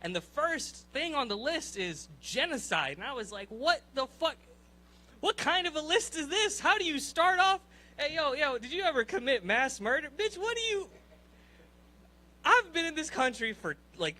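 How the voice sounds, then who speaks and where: A young man doing a profane, animated stand-up set, ranting in disbelief and laughing at his own lines. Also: very high-pitched, moderate pace. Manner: profane, animated, incredulous rants with frequent laughs. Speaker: stand-up comedian. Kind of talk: stand-up set at an open mic.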